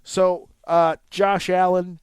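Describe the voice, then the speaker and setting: A man in his thirties co-hosting a casual podcast, telling a sports story in an animated, profane way and jumping up sharply in pitch when excited. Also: slow, smooth, no echo. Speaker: podcast co-host.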